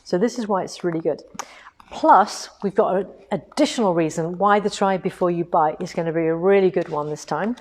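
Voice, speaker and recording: A woman's voice: on the low side, fairly quick, a little mellow. A woman co-hosting a livestream, talking casually and enthusiastically while demonstrating a machine. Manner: chatty, enthusiastic, rhetorical asides. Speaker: co-host of a quilting shop livestream. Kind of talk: casual livestream chat and product demo.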